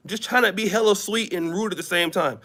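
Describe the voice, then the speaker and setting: A man co-hosting a casual live chat, animated and joking, asking rhetorical questions. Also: sits high, brisk. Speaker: podcast co-host.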